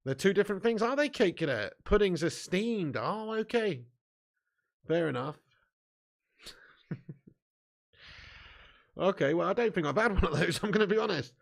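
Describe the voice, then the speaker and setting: Chatty lad, laughing. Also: male voice, sits high, animated, normal speed, gravelly, pauses often. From southern England. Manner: banters with chat, laughs often, swears, calls everyone mate. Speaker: fan channel host. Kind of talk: live match watch-along chat.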